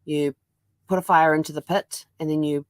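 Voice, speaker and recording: A woman with a New Zealand accent talks casually in a daily vlog, rambling with many ums. Her voice sits low. The sound is dry and close. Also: fairly even intonation, moderate pace, no echo. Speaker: vlogger. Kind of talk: casual chat. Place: at home with her dog.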